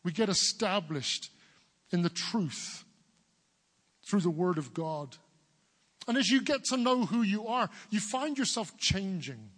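A pastor in his forties from England preaches with a big, booming voice that sits fairly high. He builds earnestly toward emphatic declarations. His words ring out with a long echo, as in a church hall. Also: expressive, measured pace, pauses often, fairly bright tone. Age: 40s. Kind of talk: sermon.

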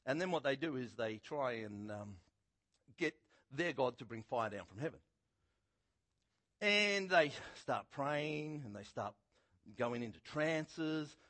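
A middle-aged man preaching a sermon, telling a Bible story in a conversational, animated way with a husky voice. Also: medium pitch, slow pace, pauses often. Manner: animated storytelling, acting out quotes loudly.

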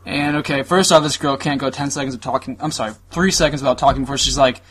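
A young man co-hosting a podcast in crude, jokey banter, loud and profane, recorded on cheap gear. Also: mid-range voice, steady tone, slight background noise. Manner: loud, profane, jokey, puts on quick voices. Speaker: podcast co-host. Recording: cheap mic in a room, voice sometimes far.

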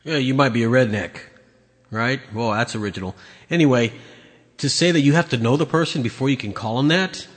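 A man's voice: medium pitch, a little fast, long reverb tail. A man hosting his own podcast, ranting bluntly and sarcastically with lots of swearing. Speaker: podcast host. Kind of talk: opinionated solo rant.

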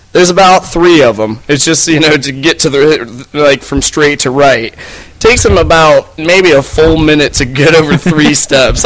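A man spins a profane story in loose, casual chat and keeps breaking into laughter. His voice sits a little high for a man, and he acts out the people in the story. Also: low-quality recording. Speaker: podcast co-host.

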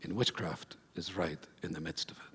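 A man's voice: deep voice, normal speed, fairly bright tone, a little hiss or hum. A man preaching a sermon as pastor at a church service, emphatic and full of repeated phrases. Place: church service before a congregation.

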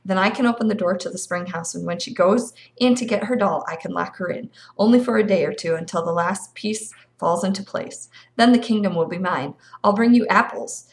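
Scheming male villain as voiced by a woman, cold, low, insistent, storybook reading. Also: fairly quick, few pauses, close to an everyday voice. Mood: demanding.

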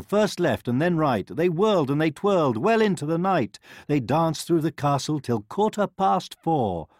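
A man reading a rhyming bedtime story aloud in a sing-song, expressive way. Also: a little high, no room sound, clean studio sound. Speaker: narrator.

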